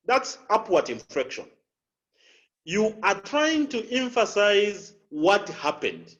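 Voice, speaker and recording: Slow, lively-pitched man teaching speech. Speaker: public speaking coach. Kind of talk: instructional talk with spoken examples.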